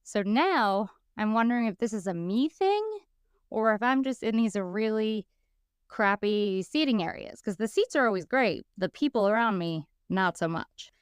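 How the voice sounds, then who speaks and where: A woman in her thirties, co-hosting a podcast, telling stories in a lively, casual way and acting out the people she quotes. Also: medium pitch, moderate pace, clear, resonant tone, no room sound, studio quality. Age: 30s. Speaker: podcast co-host.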